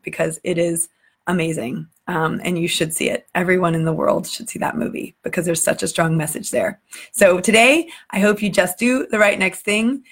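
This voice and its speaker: A woman hosting a casual vlog for her community, speaking earnestly and with open emotion. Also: fairly low pitch. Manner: earnest, warm-hearted, a little emotional. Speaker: community group host. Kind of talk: casual heartfelt vlog talk.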